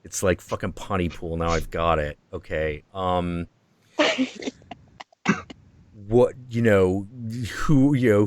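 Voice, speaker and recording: Deep-voiced man telling a wild story. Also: a little slow, no room sound. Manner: profane, excitable, acts out quotes. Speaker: host. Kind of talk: casual storytelling on a stream.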